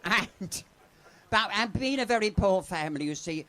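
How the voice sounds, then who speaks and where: Bawdy drag comedian, very lively pitch. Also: male voice, moderate pace, a little hiss or hum. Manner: bawdy, chatty, teases the audience. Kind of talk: live stand-up comedy. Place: pub stage with a live audience.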